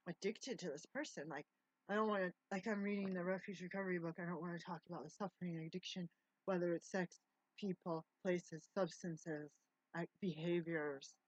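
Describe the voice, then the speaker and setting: This middle-aged vlogger has a lowish voice and speaks casually at home to camera, jumping from tangent to tangent and often restarting. There is no room sound, just dry, slightly dull lo-fi audio.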